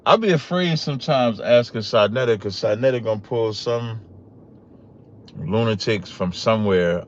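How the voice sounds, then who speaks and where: Guy ranting on his livestream, keeps saying y'all, voice jumps up when he gets worked up, kinda muffled audio. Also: fairly low pitch. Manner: animated, rising emphatic outbursts, addresses viewers as y'all. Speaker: podcast host. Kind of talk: casual livestream talk to chat.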